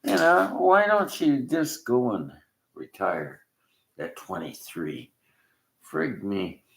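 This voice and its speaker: A man's voice: medium pitch, lively intonation, slow, gravelly, roomy sound, a little hiss or hum. An older Canadian man delivering a blunt, cursing rant, laughing between complaints. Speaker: vlogger. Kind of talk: ranting monologue.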